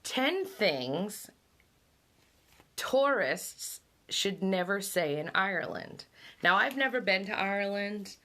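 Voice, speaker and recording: Speaking slowly in a bright, forceful, expressive medium-pitched voice, a middle-aged woman hosts a casual vlog. Born and raised on an island, she reads facts, muses on them out loud and reacts with laughs.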